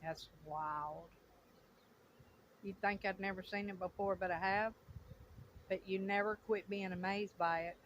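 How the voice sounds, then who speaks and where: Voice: medium pitch, moderate pace, a little hiss or hum. Awed beekeeper amid buzzing bees. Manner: excited, exclaiming in awe. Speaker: beekeeper watching a swarm. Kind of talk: casual vlog commentary. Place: outdoors by a greenhouse.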